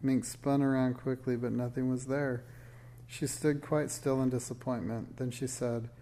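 A man reading a children's storybook aloud in a steady, gentle storytelling manner. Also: medium pitch, normal speed. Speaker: reader. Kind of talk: storybook read-aloud narration.

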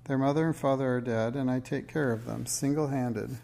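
A man's voice: mid-range voice, fairly even intonation, normal speed, vocal fry, warm tone, a little hiss or hum, natural voice. A man voicing a kindly, busy grandmother in a storybook reading, cheerful but a little weary.

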